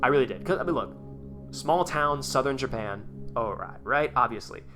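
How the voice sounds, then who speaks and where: A man hosting his own video, reading aloud and commenting in a rambling, excitable way, chuckling often. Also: mid-range voice, moderate pace, soft background music. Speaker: YouTube host.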